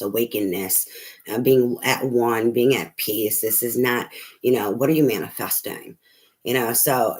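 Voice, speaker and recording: Middle-aged male tarot reader, lowish voice, casual rambling monologue full of fillers, frank and unpolished. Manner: rambling, many fillers and restarts, frank with swearing. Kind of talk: casual personal talk to viewers.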